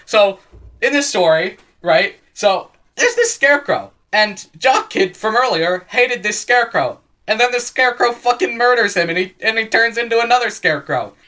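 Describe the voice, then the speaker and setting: A man's voice: high voice, animated, pushed and bright. A man casually retelling a scary story as comedy, rambling and swearing, often laughing at his own jokes. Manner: rambling, swearing, quick voice changes for quoted characters.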